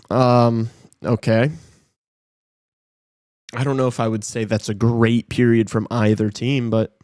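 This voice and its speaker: A young man co-hosting a live show, chatting loosely and breaking into sudden excited outbursts. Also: lowish voice, creaky, no echo, clean studio sound. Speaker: podcast co-host. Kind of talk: casual live game-watch chat.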